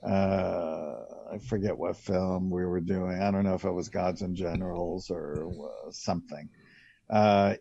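A man's voice: fairly low pitch, dark tone, no room sound. A man in his sixties, a casting director telling rambling stories in a casual interview, with many fillers. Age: 60s. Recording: dull lo-fi, dry.

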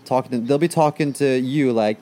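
A man's voice: mid-range voice, expressive, normal speed, a little mellow. Blunt gay man telling stories on a podcast. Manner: blunt, storytelling, lots of fillers. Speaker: podcast co-host. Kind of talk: casual chat.

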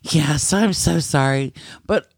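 A woman's voice: low-pitched, unhurried, darkish tone, dry recording, studio quality. A woman co-hosting a podcast, telling a story in casual chat, laughing often and acting out the lines she quotes. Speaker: podcast co-host.

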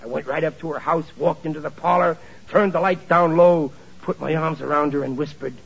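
A man's voice: fairly high pitch, fairly even intonation, a little fast, creaky, husky. An actor playing a blustering, flustered working-class father who talks in bad grammar, in a 1940s radio sitcom with a muffled old broadcast sound. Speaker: sitcom lead.

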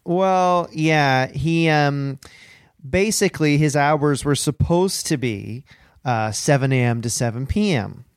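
A man hosting an improvised comedy podcast in character as a building manager, telling stories in an animated way and acting out other people. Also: a little high, clear, resonant tone, no echo, studio quality. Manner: animated storytelling, quick to act out others.

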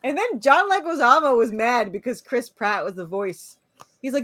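A woman's voice: on the high side, sing-song, normal speed, a bit bright, no echo. A middle-aged woman co-hosting a podcast, chatting casually, laughing often and trailing off with fillers. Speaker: podcast co-host. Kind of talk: casual chat.

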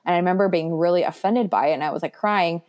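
A woman's voice: fairly low pitch, quick pace, darkish tone. A young adult woman giving a candid interview about her past, talking in an earnest, reflective way with many small fillers. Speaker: guest sharing her foster care story.

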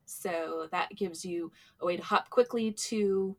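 A woman author as a podcast guest, talking casually, shy and giggly, often trailing off softly. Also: on the low side, slow pace.

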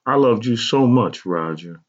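Male reader voices a pained, pleading mother, pitched well up from his own voice, on a dull lo-fi recording. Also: expressive, normal speed, vocal fry. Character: pained, regretful mother recalling a hard youth.

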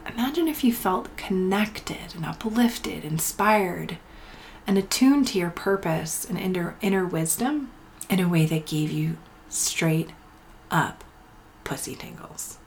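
A woman in her thirties, a podcast host and healing coach, speaks intimately on her spiritual healing podcast in a lowish, animated voice, taking it slowly. Her soft, breathy delivery often slips into whispers, broken by blunt swearing, and a little hiss or hum sits under the recording.

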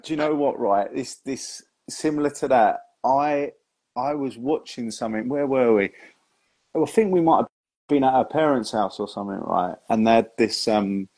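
A man's voice: medium pitch, normal speed, darkish tone. A man hosting a casual talk show, rambling with friendly asides like "do you know what I mean". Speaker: podcast host and magician. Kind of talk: casual chat.

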